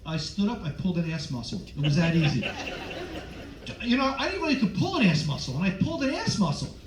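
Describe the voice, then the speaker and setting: A man's voice: big pitch swings, fast. Teasing man doing stand-up on a stage. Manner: loud, teasing crowd work with sudden jumps in pitch. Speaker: stand-up comedian. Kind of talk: stand-up comedy set. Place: cruise ship theater. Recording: echoey, distant, dull with crowd noise. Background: audience noise.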